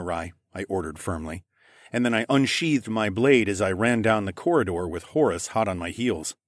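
A man reading a novel aloud as an audiobook narrator, in a dramatic, animated reading style. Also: lowish voice, no echo, clean studio sound. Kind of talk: scripted narration.

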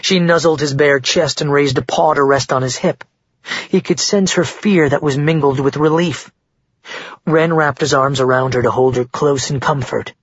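A man narrating a story in a measured, quiet manner. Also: on the high side, steady tone, breathy edge, dry recording, dull audio. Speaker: audiobook narrator. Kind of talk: scripted narration.

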